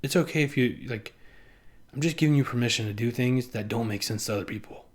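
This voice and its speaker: Rambling, laughing young man. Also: mid-range voice. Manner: rambling, profane and self-mocking, often laughing; acts out other people in quick put-on voices. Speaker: vlogger. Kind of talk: casual monologue to camera.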